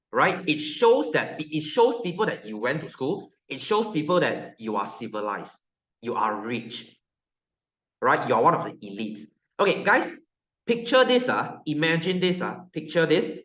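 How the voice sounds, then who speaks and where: A man's voice: fairly high pitch, a bit bright. Malaysian-accented man teaching science, playful, fires questions at the class, muffled and echoey. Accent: Malaysian English. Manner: joking, keeps quizzing students. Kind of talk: classroom lecture. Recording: roomy, dull sound.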